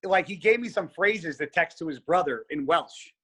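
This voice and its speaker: Animated man in casual chat. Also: a little high, normal speed, slightly rough. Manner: animated, swearing storyteller. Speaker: guest bodybuilder.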